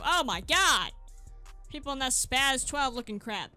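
A woman hosting a gaming channel, giving casual, excitable commentary over gameplay and mocking her opponents. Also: high-pitched, unhurried, soft background music. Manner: excitable, trash-talking opponents.

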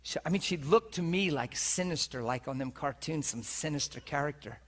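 A male preacher with a high-pitched voice tells a story in a sermon, excited and emphatic. He acts out the other characters' voices and often breaks into laughter. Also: brisk.

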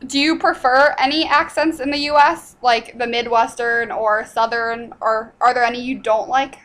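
Woman interviewer, slightly high voice, loose questions full of "like". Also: steady tone, normal speed, a bit bright, rough recording. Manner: rambling questions with fillers.

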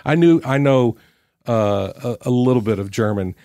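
A man's voice: mid-range voice, animated, normal speed, warm tone, no echo, clean studio sound. A man hosting a podcast, chatting casually as he reads out quiz questions and riffs on the answers. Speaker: podcast host. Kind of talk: casual interview chat.

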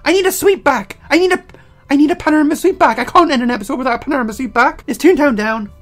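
A man giving casual game commentary while playing, excitable and prone to loud outbursts, his throat getting strained. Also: extremely high pitch, quick pace, soft background music. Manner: excitable, bursts into loud yelling. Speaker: let's play gamer.

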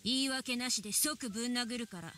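A woman's voice: on the high side, racing, sharp tone, faint music behind. An actress voicing a cold, haughty girl who talks in a menacing witch-like adult voice in a visual novel. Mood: cold threatening. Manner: icy, dismissive, threatening. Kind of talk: dubbed visual novel voice acting.

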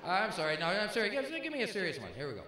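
A male comic impressionist doing live stand-up, chatting with the crowd in quick asides between bits. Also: sits high, very animated. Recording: echoey live room, mic at a distance.

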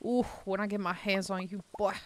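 A woman's voice: medium pitch, fairly even intonation, a little hiss or hum, pitched above the performer's own voice, lightly acted. A woman putting on an exaggerated Southern drawl, playing a bossy folksy elder. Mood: scolding. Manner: drawn-out, scolding folksy phrases.

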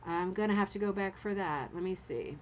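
A woman's voice: mid-range voice, expressive, a little fast, lo-fi sound, slight background noise. A woman hosting a casual live stream, musing aloud about artworks and answering viewer comments as she thinks. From Canada. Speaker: host of a rug hooking club show.

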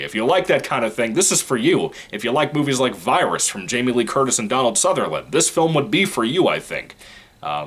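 A man's voice: mid-range voice, fairly bright tone, breathy edge. A man from Virginia giving a casual, rambling movie review, frank and profane, often breaking into laughter.

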